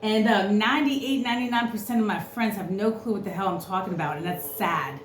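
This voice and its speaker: A woman's voice: mid-range voice, quick pace. A woman giving an unscripted tarot reading, ranting bluntly and cursing freely. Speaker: tarot reader. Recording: roomy echo, faint noise.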